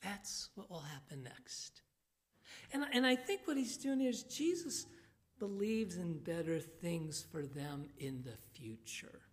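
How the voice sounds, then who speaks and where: In a church, a woman with a lowish voice preaches a sermon into a handheld microphone. She speaks slowly and emphatically, growing animated when voicing the people in the passage.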